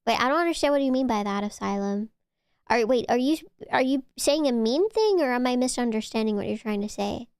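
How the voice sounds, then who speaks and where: A woman's voice: a little high, lively intonation, a little fast, darkish tone, smooth, no room sound, clean studio sound. A woman streamer chatting casually with her viewers, rambling, playful and swearing freely. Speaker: VTuber streamer. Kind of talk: casual livestream chat.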